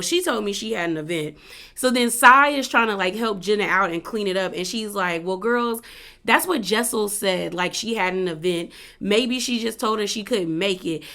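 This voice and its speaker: Chatty woman recapping reality TV. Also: medium pitch. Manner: chatty, opinionated, quotes others in animated asides. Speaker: recap commentator.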